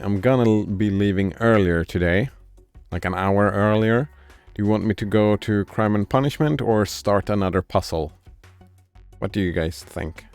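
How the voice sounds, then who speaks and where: A man's voice: on the low side, clean tone, no room sound. A man giving casual commentary while streaming a game, thinking aloud and chatting with viewers.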